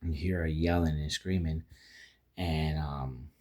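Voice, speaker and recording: Man, deep voice, husky, casual movie review, rambling, lots of restarts and fillers. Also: fairly even intonation, slow, darkish tone. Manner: retells scenes by acting out quoted lines. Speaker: film reviewer.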